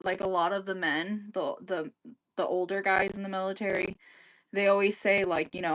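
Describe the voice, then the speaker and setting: A woman's voice: medium pitch, fairly even intonation, normal speed, a bit bright, low-quality recording. A woman co-hosting a casual live chat, agreeing often and chiming in with short replies. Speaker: co-host of a live stream.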